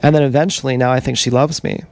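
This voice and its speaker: A man telling a long, meandering personal story on a livestream, halting and full of fillers. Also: mid-range voice, fairly even intonation, a little mellow, dry recording. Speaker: streamer. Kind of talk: rambling livestream monologue.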